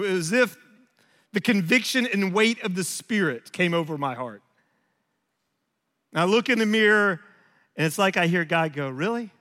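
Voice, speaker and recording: A man's voice: high voice, pushed and bright. A man in his forties preaching a sermon as a pastor, telling stories about himself in a conversational, self-deprecating way. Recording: long hall reverb.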